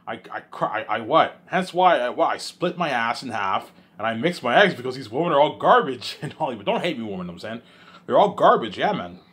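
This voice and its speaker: Husky man rambling in a monologue. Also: big pitch swings, brisk. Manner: repetitive, keeps saying "you know what I'm saying"; swings between loud outbursts and low mumbles. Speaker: host of his own listening series.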